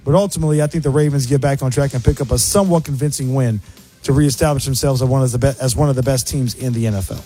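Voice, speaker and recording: A man hosting a sports radio show, giving quick, opinionated game analysis. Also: mid-range voice, dark tone, soft background music.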